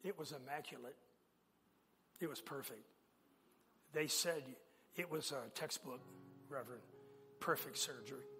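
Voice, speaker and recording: A man preaching as a pastor, telling a personal story with animated delivery and acting out the dialogue. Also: mid-range voice. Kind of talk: sermon storytelling. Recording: long echo of a large hall, faint music.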